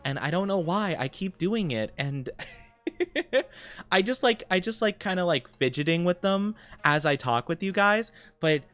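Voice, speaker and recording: A man's voice: sits high, expressive, measured pace, fairly bright tone. A man chatting casually on a live stream, giggly and fidgety and full of filler words.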